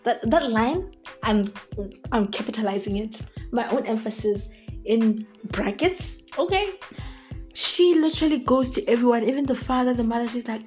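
With faint music behind her, a woman whose voice sits on the high side and sounds a little mellow hosts a podcast at a measured pace. Addressing listeners as "guys," she offers casual commentary, stressing and repeating her points emphatically.

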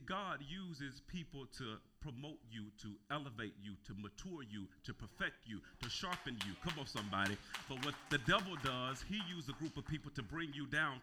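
Man, pastor, sermon, fairly high bright voice, repeats himself, call-and-response. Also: slight background noise. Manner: call-and-response preaching that builds to shouting; repeats words and restarts phrases.

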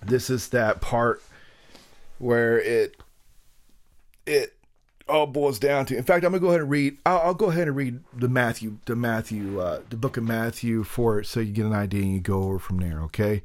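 A man's voice: mid-range voice, normal speed. Guy hosting a podcast, just rambling along casually, cracking little jokes at himself. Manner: rambling, jokey, self-deprecating asides. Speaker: podcast host.

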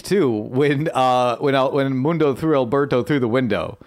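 A man co-hosting a wrestling podcast, chatting casually and recapping a match as an animated storyteller who swears freely. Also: medium pitch, normal speed. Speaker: podcast co-host.

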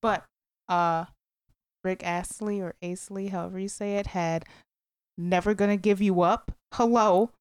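A woman's voice: lowish voice, flat delivery, unhurried, pauses often, clean tone, no room sound, clean studio sound. A woman co-hosting a podcast in casual chat, blunt and chatty, breaking into sung song snippets. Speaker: podcast co-host.

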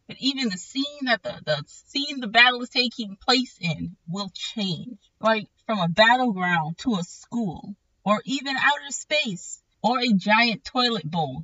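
A podcast host chatting casually about an anime, rambling and animated and often correcting themself mid-sentence. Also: mid-range voice, recorded from a distance. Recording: dull, lo-fi sound from slightly off the mic.

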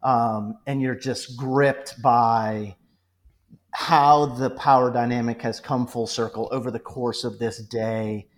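A man talking casually as a podcast guest, retelling film scenes in an animated, joking way. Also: mid-range voice, slow. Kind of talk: casual movie podcast chat.

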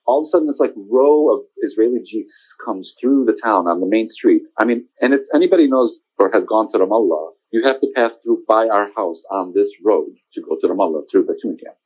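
Man telling stories in an animated way. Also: medium pitch, rough recording. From United States. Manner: animated, quotes others in lively voices, laughs often. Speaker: interview guest. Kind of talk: casual storytelling.

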